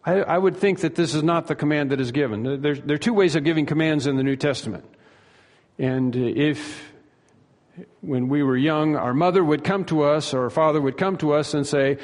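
Male preacher, fairly high voice, emphatic and repetitive, long hall echo. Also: darkish tone. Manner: emphatic, repeats key phrases and slows on them. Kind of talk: sermon.

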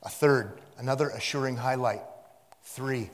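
A man preaching an expository sermon, swinging from hushed asides to loud emphatic repetition and rhetorical questions. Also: medium pitch, normal speed. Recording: long hall reverb.

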